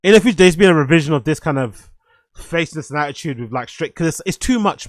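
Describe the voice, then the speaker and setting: A man hosting a live stream, giving casual commentary that is animated, repetitive and full of swearing and laughter. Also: fairly high pitch, fairly quick, no echo. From London. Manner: animated, swears freely, laughs often, repeats phrases. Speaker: streamer host.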